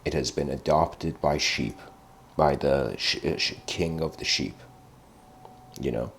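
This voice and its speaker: Deep-voiced man lecturing. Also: measured pace, a bit bright, slight background noise. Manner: meandering storytelling, frequent throat clearing. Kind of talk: livestreamed philosophical lecture.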